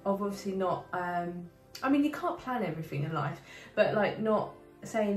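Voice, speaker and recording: A woman's voice: medium pitch, moderate pace, few pauses. A woman, heavily pregnant, chatting earnestly with her partner. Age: 30s. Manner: earnest, thoughtful, with frequent fillers. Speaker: co-host of a couple's channel. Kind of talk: casual chat. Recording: roomy, distant mic, clear music behind.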